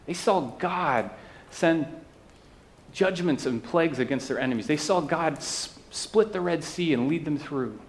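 There's a faint hiss or hum behind this pastor's slightly high, unhurried voice, which has lively intonation. He preaches conversationally to his church, sprinkling in asides and tag questions to engage his listeners.

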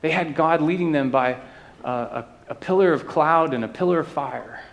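A man's voice: fairly high pitch, moderate pace, creaky. Man preaching in a chatty way. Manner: conversational preaching with asides and tag questions. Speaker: pastor. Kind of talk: sermon.

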